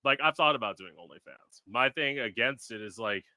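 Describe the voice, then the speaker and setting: Bright, blunt, animated podcast host man. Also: medium pitch, fairly quick, no room sound, studio quality. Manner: blunt, profane and animated, acts out quotes. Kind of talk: casual podcast chat.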